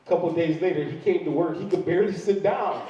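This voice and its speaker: A man's voice: on the high side, quick pace, mellow, slight background noise. An older man doing a crude stand-up comedy set in a live club, telling stories and acting out the voices of people in them. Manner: crude, storytelling, acts out quoted voices. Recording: distant, very echoey, dull lo-fi club recording. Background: audience laughter.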